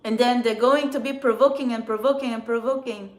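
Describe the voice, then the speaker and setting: A woman, a spiritual channeler, venting in an emotional, agitated monologue outdoors in a city, swearing often and swinging between quiet and loud. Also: on the high side, steady tone, a little fast, reverberant. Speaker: spiritual channeler and tarot reader.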